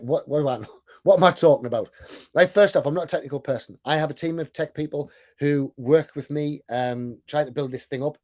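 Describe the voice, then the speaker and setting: This man, an online sales coach who runs his own business, has a mid-range, slightly mellow voice and a thick accent. His sales presentation is loose and chatty, full of self-mockery and frequent "right?" check-ins.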